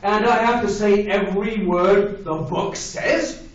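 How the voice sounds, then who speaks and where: A woman's voice: medium pitch, fairly even intonation, unhurried. A woman reading a book aloud to a group of children at a library, playful and full of mock dismay. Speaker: children's storyteller. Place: public library, large echoey room. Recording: echoey, distant, dull, noisy library recording. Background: children's voices and laughter.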